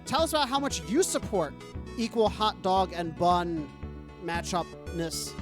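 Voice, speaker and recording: A man's voice: sits high, sing-song, measured pace, over music. A man co-hosting a podcast in casual chat, teasing and bantering playfully. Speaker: podcast co-host.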